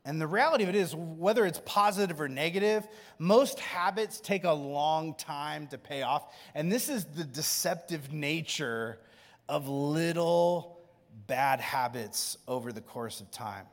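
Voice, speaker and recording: Casual, dynamic male pastor, fairly high voice, big hall reverb. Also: unhurried. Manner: conversational, swinging from hushed to loud. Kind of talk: sermon. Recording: long reverb in a large hall.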